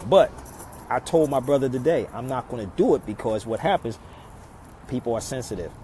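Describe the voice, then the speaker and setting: A man's voice: mid-range voice, lively intonation, fairly quick, a little hiss or hum, low-quality recording. Preachy man streaming outdoors. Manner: preachy, rhetorical questions, swings loud and soft. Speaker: live stream host. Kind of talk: casual live stream talk, answering viewer comments. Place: outdoors in a city neighborhood.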